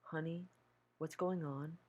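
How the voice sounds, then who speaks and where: A man voicing a tearful, pleading mother at a door, in a raised, softened voice while reading a horror story aloud. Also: steady tone, takes it slowly. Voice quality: soft, higher pleading tone.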